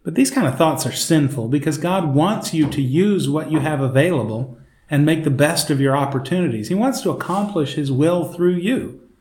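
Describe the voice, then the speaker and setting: A man's voice: fairly high pitch, animated, moderate pace, a little mellow. A man leading a Bible study, reading a devotion, praying and teaching in a conversational way. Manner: conversational, with fillers. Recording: roomy echo, faint noise.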